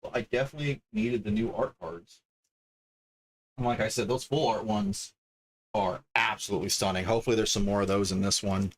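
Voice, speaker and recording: Lower-voiced man chatting while opening cards. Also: steady tone, fairly quick. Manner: chatty, reading card names aloud, easily delighted. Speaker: streamer opening card packs. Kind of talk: casual livestream chat.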